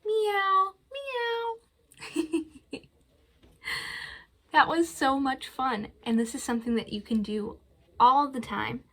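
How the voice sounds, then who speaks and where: Slow, sing-song storytime librarian woman. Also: on the high side. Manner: slow, gentle, sing-song delivery with playful animal sounds. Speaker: children's librarian storytime host. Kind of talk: reading aloud and leading songs for young children. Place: seated in front of a camera. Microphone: camera.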